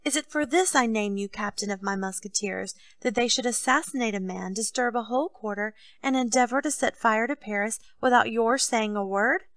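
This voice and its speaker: Brief: woman playing a petulant storybook king, self-pitying and loud, slightly gravelly. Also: a little high, brisk, hardly any pauses, dry recording. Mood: indignant. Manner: complaining, indignant, raises voice.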